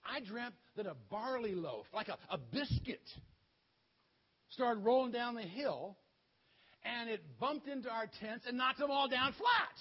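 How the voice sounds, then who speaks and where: A man playing an excitable enemy soldier recounting a dream, animated and husky. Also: sits high, moderate pace, hardly any pauses, exaggerated voice. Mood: excited. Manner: animated, rising into shouts. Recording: dull lo-fi sound.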